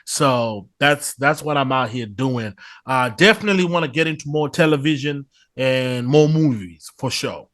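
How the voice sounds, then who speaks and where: A man from Zimbabwe, in his thirties, chatting casually as a comedian guest in an interview, animated and quick to laugh. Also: mid-range voice. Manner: animated, laughs often, says man and bro.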